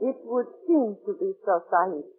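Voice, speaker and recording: An actress playing a shrewd young woman who poses as a fortune-teller's assistant, speaking halting formal English, in 1940s radio acting. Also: mid-range voice, close to an everyday voice. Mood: guarded. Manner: halting formal broken English, then blunt and scornful. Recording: tinny 1940s radio broadcast.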